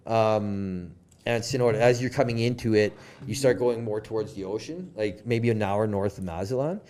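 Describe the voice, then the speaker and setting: A man's voice: lowish voice, normal speed. A young Canadian man on a podcast, telling a story casually with many fillers and acted-out quotes. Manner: animated, lots of fillers, quoted dialogue. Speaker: podcast guest.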